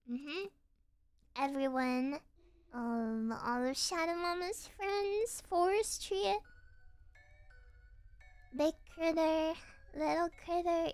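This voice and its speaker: A young woman VTuber chatting casually on stream, playful and giggly as she reacts to her chat. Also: high voice.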